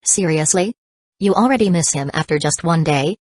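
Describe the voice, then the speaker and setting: A woman's voice: deep voice, normal speed, a little mellow, no room sound, studio quality. A woman voicing a cheeky, teasing young woman who drinks hard, in an audiobook reading.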